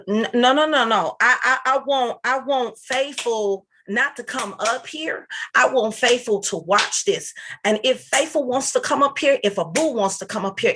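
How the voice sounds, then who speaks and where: A woman's voice: a little high, fairly bright tone, a little hiss or hum. Upset woman stammering on a livestream. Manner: agitated, halting, many restarts and stammers. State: upset, near tears. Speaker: livestream host. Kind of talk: upset livestream address to viewers.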